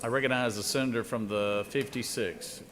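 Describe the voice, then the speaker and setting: A man's voice: medium pitch, moderate pace, a little hiss or hum. Guy running a senate floor session, formal calls mixed with easy jokes. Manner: relaxed, joking between formal procedure. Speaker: presiding officer of a state senate. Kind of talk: chairing a legislative floor session.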